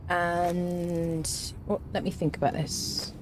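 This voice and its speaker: A woman's voice: lowish voice, little pitch movement, slow, background noise. A woman giving casual, wry commentary while playing a game and chatting to her cat. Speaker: gaming streamer.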